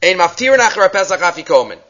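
A man teaching a Torah class, animated, acting out questions and mixing Hebrew terms into his English. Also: high voice, fast talker, highs cut off.

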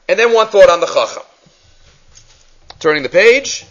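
A man teaching a Torah class, animated, acting out questions and mixing Hebrew terms into his English. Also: high-pitched, dull audio.

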